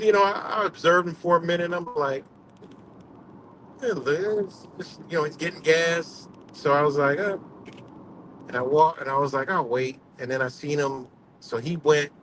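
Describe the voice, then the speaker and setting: A man with a fairly high, fairly bright voice live streams while driving on a highway, with faint road and vehicle noise in the background. He tells a casual story in a rambling, profane way, laughing often.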